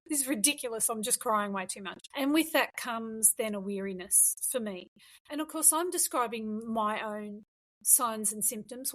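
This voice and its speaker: A woman's voice: on the high side, a bit bright, low-quality recording. A middle-aged woman guest telling her story in a frank, emphatic way during an interview. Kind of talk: conversational interview.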